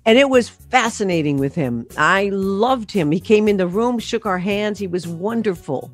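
A woman singer telling stories about her career in a casual interview, animated, with many fillers and restarts. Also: mid-range voice, moderate pace, faint music behind.

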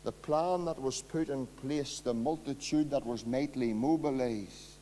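A man preaching a sermon as pastor, swinging between loud impassioned passages and quiet low ones. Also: unhurried, a little hiss or hum. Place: church hall. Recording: long hall reverb.

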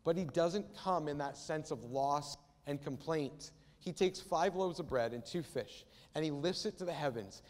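A man's voice: a little high, darkish tone. A man preaching a sermon as pastor, talking in a conversational way and acting out Bible quotes. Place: church sanctuary. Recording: long reverb of a church hall.

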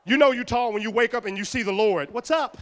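A man from Houston entertaining a middle school assembly, teasing and calling out loudly to the kids. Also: very high voice, fast. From Houston, Texas. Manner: loud, teasing, calls out to the audience. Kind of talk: joking live show banter with a crowd. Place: middle school gym or auditorium.

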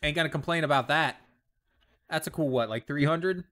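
A man's voice: a little high, normal speed, fairly bright tone. A young man streaming a racing game from his bedroom, chatting casually, swearing often and laughing a lot. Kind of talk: casual gameplay commentary.

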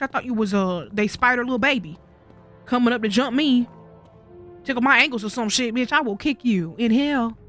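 A woman with a bright, forceful voice giving sassy, profane play-by-play as she streams a game. She quips back at the characters and chats to her viewers, with soft game music underneath. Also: fairly high pitch. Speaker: gaming streamer. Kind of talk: casual let's-play commentary.

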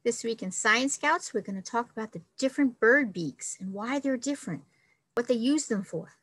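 A woman's voice: a little high, animated, moderate pace, a bit bright, no room sound, poor audio. A woman, a children's librarian, reading a picture book and leading a friendly, upbeat science lesson for kids.

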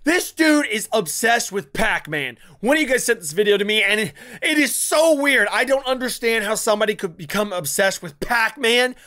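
A young man with a high, sharp and bright voice rambles through a casual reaction video. He talks crudely and keeps stumbling into restarts. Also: expressive, normal speed, few pauses. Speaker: YouTube reaction host.

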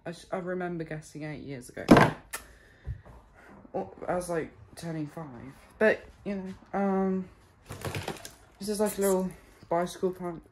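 A woman with a hoarse, failing voice, chatting casually and rambling in a silly vlog. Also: on the low side, little pitch movement, unhurried, long pauses, darkish tone, slight background noise. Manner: rambling, silly, filler-heavy. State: hoarse, losing her voice. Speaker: vlogger.

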